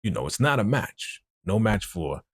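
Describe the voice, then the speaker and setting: A man's voice: lowish voice, sing-song, normal speed, slightly rough, no room sound, studio quality. A man giving a casual recap of a TV episode, retelling scenes through quoted dialogue and speaking out plainly about what he dislikes. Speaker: TV recap vlogger.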